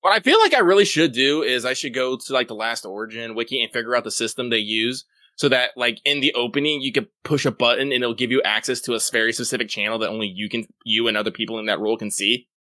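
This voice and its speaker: Bright-voiced man in casual podcast chat. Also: medium pitch, quick pace, no echo. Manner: swears casually, rambling. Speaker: podcast co-host reading listener mail.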